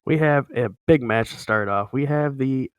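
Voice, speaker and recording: A man's voice: mid-range voice, normal speed, clean tone, no room sound. Guy reading off wrestling match results like a ring announcer, chill, dry close mic. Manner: play-by-play announcer delivery, easygoing. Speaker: podcast co-host running a wrestling promotion. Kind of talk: casual chat, recapping wrestling show results.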